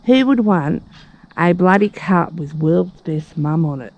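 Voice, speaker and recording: A woman's voice: on the low side, animated, a little slow, highs cut off. A woman with an Australian accent voicing her blunt, scowling older mother, who speaks crudely. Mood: scornful.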